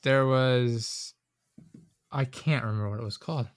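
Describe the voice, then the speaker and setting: A young man in casual chat, rambling and animated, often acting out scenes as he talks. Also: mid-range voice, measured pace, dry recording, studio quality.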